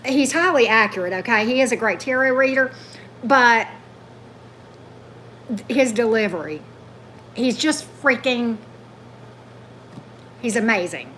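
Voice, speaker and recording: A woman hosting a casual livestream, gushing, animated, and answering viewer comments. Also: fairly high pitch, unhurried, pauses often, a little hiss or hum. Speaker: tarot channel host.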